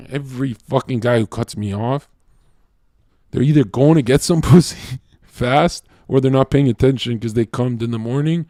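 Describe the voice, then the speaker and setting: Speaking at normal speed, a livestream host delivers a profane, blunt rant to his chat that veers from yelling to quiet muttering. The audio is studio quality, with no room sound.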